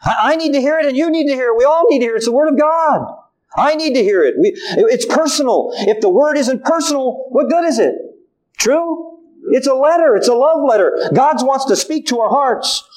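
High-voiced man preaching a lively sermon. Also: a little fast, a little hiss or hum, low-quality recording. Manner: animated, acts out family quotes.

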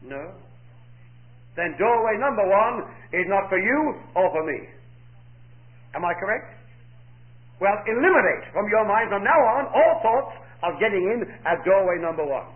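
A man's voice: high voice, very animated, measured pace, long pauses. A man preaching a sermon, emphatic, asking the listeners questions and quoting scripture in old-fashioned English. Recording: tinny narrow-band recording.

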